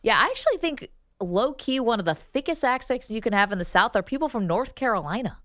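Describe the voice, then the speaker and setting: A woman's voice: a little high, animated, fast, fairly bright tone, no echo, clean studio sound. A woman hosting a casual talk show, teasing her co-hosts and laughing easily. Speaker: host. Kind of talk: casual chat.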